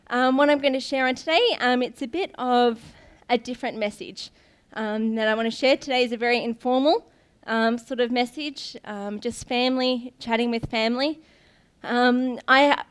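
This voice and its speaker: A young woman, the pastor's daughter, guest-preaches an informal sermon built on stories, her voice slightly high. She's chatty, laughs a lot, says "um" and restarts often, and becomes tearful for a moment.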